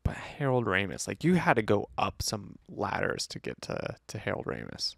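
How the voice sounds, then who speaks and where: A man co-hosting a movie review podcast, talking casually and teasing his co-host, with a gravelly voice. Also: fairly low pitch, huge pitch swings, moderate pace, fairly bright tone, no room sound, whispered, studio quality. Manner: playful, teasing, lots of fillers.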